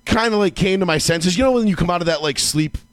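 Animated, profane man telling a story. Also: sits high, fast, dry recording. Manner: animated, profane, acts out his own yelling. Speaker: podcast co-host. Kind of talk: casual sports talk storytelling.

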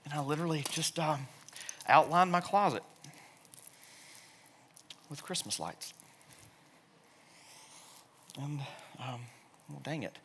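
A man giving an earnest, emotional personal testimony in a sermon-like talk, at times dropping to a hushed, soft voice, with frequent restarts. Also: fairly high pitch, slow pace, long pauses, a little hiss or hum. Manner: hushed, soft-spoken in quiet passages.

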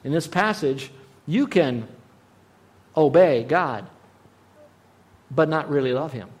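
Man, Bible teacher, earnest, conversational, softens often, fairly high voice. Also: lively intonation, slow. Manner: earnest, conversational, with frequent soft drops in volume.

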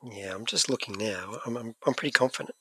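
A man's voice: fairly low pitch, fast, bright, forceful tone, breathy edge, no echo. A man co-hosting a podcast, chatting casually and animatedly, often restarting his sentences. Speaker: podcast co-host. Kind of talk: casual chat.

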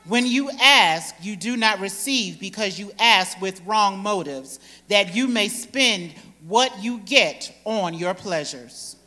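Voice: medium pitch, lively intonation, slow pace, hardly any pauses, pushed and bright, in a large hall. A voice reading a Bible passage aloud in church. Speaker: scripture reader. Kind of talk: scripture reading.

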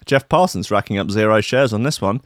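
A man's voice: lowish voice, a little fast, no room sound, clean studio sound. A man hosting casual solo commentary, with a playful, sweary, rambling manner. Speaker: host.

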